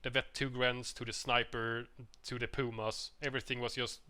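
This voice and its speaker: A man casting a video game match with a co-host in casual, relaxed commentary, his voice often dropping quietly at the end of phrases. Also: mid-range voice, normal speed. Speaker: shoutcaster.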